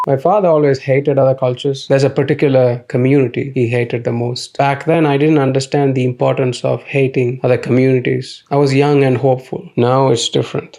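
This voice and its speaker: A man with a gravelly, creaky voice tells dark jokes in a flat, deadpan way. His pitch sits in the middle, and the delivery stays dry and unbothered throughout. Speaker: comedy narrator. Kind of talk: deadpan comedic monologue.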